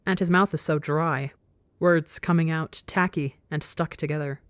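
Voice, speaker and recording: A woman reading a story aloud as narrator, in a measured, intimate storytelling manner. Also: deep voice, fairly even intonation, no room sound. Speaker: audiobook narrator. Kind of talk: scripted narration of fan fiction.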